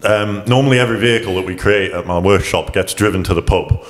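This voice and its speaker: A man with a very deep voice talks as a podcast guest. His delivery is loose and rambling, full of fillers and swearing. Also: quick pace, big-room sound. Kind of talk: casual chat.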